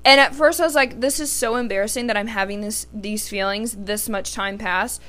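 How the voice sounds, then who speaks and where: Bright-voiced candid young woman podcaster. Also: medium pitch, steady tone, moderate pace. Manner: candid, swears freely, heartfelt. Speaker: podcast host. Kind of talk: casual solo podcast talk.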